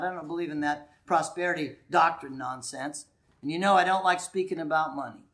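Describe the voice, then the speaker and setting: Preacher talking with his church. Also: high voice. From United States. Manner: conversational and animated, with sudden quiet asides. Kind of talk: sermon.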